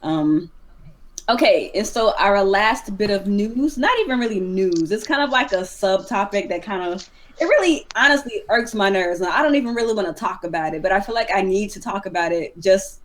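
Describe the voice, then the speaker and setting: A woman hosting a casual gaming podcast, talking in a chatty, animated way and sounding exasperated at times. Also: mid-range voice, moderate pace. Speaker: podcast host.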